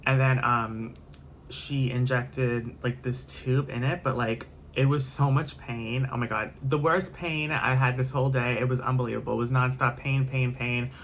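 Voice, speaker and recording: A man's voice: mid-range voice, fairly even intonation, normal speed, fairly bright tone, a little hiss or hum. A man telling a candid, rambling story in a casual vlog, sparing no graphic details.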